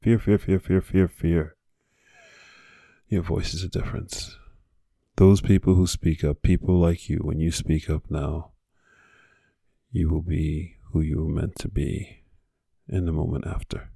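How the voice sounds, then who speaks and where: A man's voice: low-pitched, little pitch movement, unhurried, creaky, pauses often, warm tone, husky, no room sound, clean studio sound. A man hosting a podcast, delivering an earnest motivational monologue with repeated exhortations. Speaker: podcast host.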